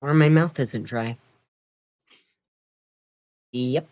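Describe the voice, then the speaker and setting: A young man in his late teens with a naturally high voice, chatting casually with a friend on a call and playfully shifting his pitch around. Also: extremely slow, a little mellow, highs cut off. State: dry mouth. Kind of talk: casual chat.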